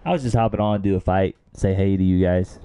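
A man's voice: deep voice, fairly even intonation, fairly quick, mellow, smooth. A young man chatting casually on a late-night game stream, thinking aloud and fumbling through the instructions for his new close mic. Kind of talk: casual live-stream chat. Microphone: new desktop condenser mic, close.

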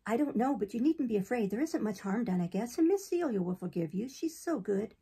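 A woman's voice: a little high, animated, brisk, warm tone, slightly rough, full character voice. A woman voicing a kind little girl who speaks in a soothing, coaxing way. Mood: comforting. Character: kind, gentle little girl comforting a friend.

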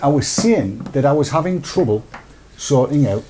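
A middle-aged man from Britain hosts a casual live stream. His voice is mellow and warm, sitting at an ordinary pitch, and he rambles in a jokey, friendly way, trailing off and picking up again. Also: lively intonation, moderate pace, slight background noise. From United Kingdom. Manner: chatty, jokey, reads viewer comments aloud. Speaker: show host.

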